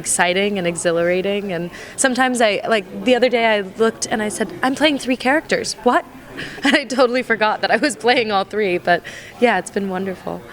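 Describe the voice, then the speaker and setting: A woman's voice: mid-range voice, fairly quick. A young woman in her twenties from Colorado, an actress giving a bubbly press interview and laughing often. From Colorado, USA.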